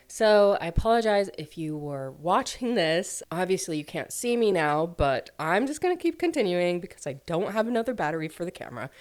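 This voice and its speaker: Low-voiced chatty woman. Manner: chatty, filler-heavy, lots of "like" and "um". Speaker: book reviewer. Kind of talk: casual plot recap.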